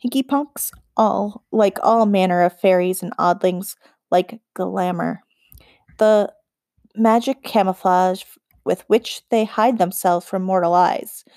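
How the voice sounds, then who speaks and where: A woman narrating a children's fantasy novel as an audiobook, in a measured storytelling read. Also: medium pitch, darkish tone, no room sound, clean studio sound. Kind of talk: scripted narration.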